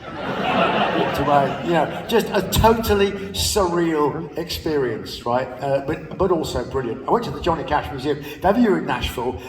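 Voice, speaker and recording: At a spoken-word show on a large theater stage, an older man with a slightly high voice, lively intonation, and normal speed trades chatty, laughing anecdotes with casual swearing. Crowd noise fills the distant, reverberant recording taken from the audience.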